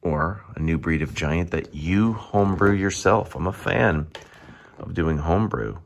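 A man giving an enthusiastic, casual review of gaming miniatures, now and then dropping into hushed asides. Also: low-pitched, measured pace, vocal fry, slight background noise.

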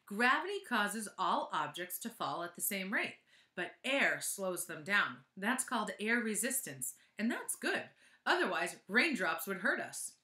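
A woman's voice: mid-range voice, very animated, a little slow, bright, forceful tone. A woman voicing a kindly, cheery old schoolteacher in a sweet, sing-song way, in an echoey room. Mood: explaining.

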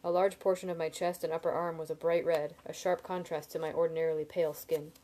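A woman reading a novel aloud in steady first-person narration, with small slips and restarts. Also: sits low, fast. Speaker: reader.

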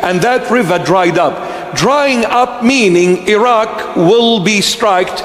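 Bishop guy preaching slow, high voice, long church reverb, repeats himself for emphasis. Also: a bit bright, faint music behind. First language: Aramaic. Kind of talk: sermon. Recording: echoey church hall.

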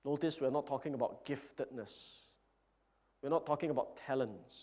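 A man's voice: mid-range voice, moderate pace, a little mellow. A man preaching a sermon as pastor, speaking earnestly and emphatically, with repeated phrases.

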